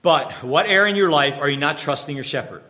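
A man's voice: a little high, pushed and bright. A man preaching a sermon as pastor, quizzing the congregation with fill-in-the-blank questions and repeating key points with emphatic bursts. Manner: emphatic bursts and slowed-down repetition.

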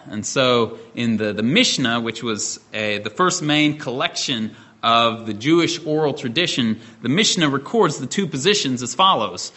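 A middle-aged man delivers an expository sermon, walking his listeners through the scripture step by step. His voice is bright and forward, at an ordinary pitch for a man. He talks in a measured way, now and then pausing on a filler or restarting a phrase. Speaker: preacher.

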